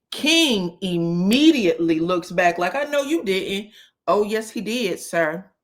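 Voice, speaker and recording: A woman hosting a casual commentary recap, chatty and expressive, tossing in frequent asides to her listeners. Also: on the low side. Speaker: host recapping a reality show.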